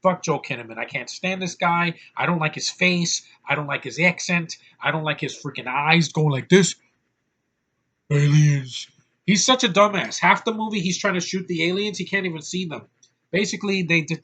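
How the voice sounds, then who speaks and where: A man's voice: fairly high pitch, lively intonation, a little fast, pushed and bright, breathy edge. A man giving a casual, blunt and profane movie review from a small hot room, with many fillers.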